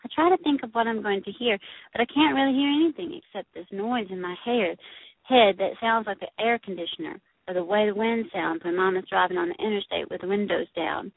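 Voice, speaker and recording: A woman's voice: mid-range voice, fairly quick, creaky, slightly rough, dry recording. A woman narrates a story in the first person as a small girl, keeping her telling simple and childlike. The sound is thin and phone-like, with a dry, close feel and no room around the voice. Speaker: audiobook narrator. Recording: tinny, phone-like dry recording.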